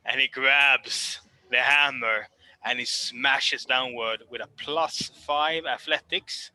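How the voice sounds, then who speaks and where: A man narrating as game master of a tabletop game, lively and animated. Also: medium pitch, slow, low-quality recording.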